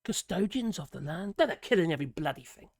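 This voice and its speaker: A British man with a raspy voice giving casual, sarcastic commentary, exasperated and swearing freely. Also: high-pitched, animated, brisk, no echo, studio quality. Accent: British English. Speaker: political commentator.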